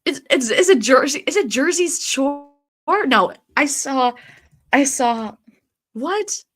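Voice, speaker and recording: A woman's voice: high voice, animated, slow. Chatty streamer woman with a blocked nose. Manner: chatty, reads chat aloud, laughs often, frequent ums and likes. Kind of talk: casual live-stream chat.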